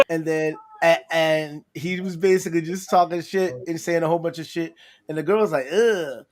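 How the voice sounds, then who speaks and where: A man co-hosting a podcast, telling loud, laughing stories to friends and swearing freely. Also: a little high. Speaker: podcast co-host. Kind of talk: casual chat with friends.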